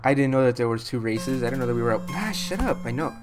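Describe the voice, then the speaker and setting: A man hosting a let's play, chattering excitably through the game with goofy, self-mocking jokes. His voice sits at an ordinary middle pitch. Game music plays clearly behind him. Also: very fast. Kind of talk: gameplay commentary.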